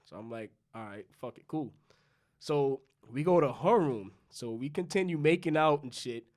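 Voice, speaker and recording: A young man from New York tells a long, loose story on a podcast, swearing freely and voicing both himself and the people in it. His pitch sits in the ordinary middle for a man. The talk is relaxed and rambling, among friends. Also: moderate pace. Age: young adult. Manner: loose, profane storytelling, acting out both sides of dialogue. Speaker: podcast co-host. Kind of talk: casual storytelling chat.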